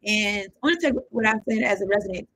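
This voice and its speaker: A woman's voice: medium pitch, expressive, quick pace, fairly bright tone, low-quality recording. A woman giving a casual tarot reading. She rambles and thinks aloud in loose slang, with some swearing. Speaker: tarot card reader.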